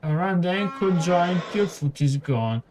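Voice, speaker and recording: Italian let's-play host, halting reader, slightly high voice, drawn-out pace. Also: male voice, expressive, background noise. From Italy. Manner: reads haltingly with stumbles and muttered asides. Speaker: gaming channel host. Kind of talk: let's play, reading game text aloud.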